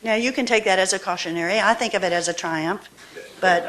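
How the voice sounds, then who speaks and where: A woman poet at a live reading, talking casually between poems with fillers and restarts, then reading her verse slowly and deliberately. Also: mid-range voice, fairly bright tone. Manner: chatty asides, slow deliberate verse reading. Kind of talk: poetry reading with commentary. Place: university reading hall.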